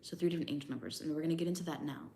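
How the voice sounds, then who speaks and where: Woman, tarot reader, low voice, gravelly fry, casual hedging, faint background hum. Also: rapid-fire, mellow. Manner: hedging, repeats "I don't know" and "I'm getting that vibe"; reads definitions aloud from a tablet.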